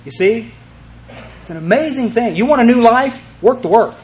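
High-voiced man telling a recovery story. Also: expressive, moderate pace. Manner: emphatic, rambling, with repeated words and restarts. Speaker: recovery meeting speaker. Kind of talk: storytelling talk to a group.

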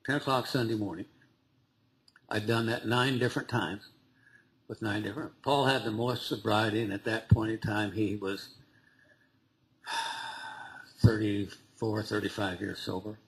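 Low-voiced man telling his recovery story. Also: steady tone, creaky, a bit bright, rough recording. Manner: halting, conversational, with frequent restarts and small laughs. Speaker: recovery meeting speaker. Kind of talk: personal recovery story told to a group.

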